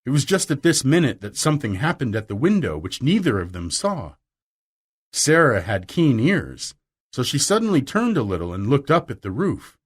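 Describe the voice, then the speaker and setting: A man narrating a storybook with a lively melody. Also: medium pitch, moderate pace, slightly rough. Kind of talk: scripted audiobook narration.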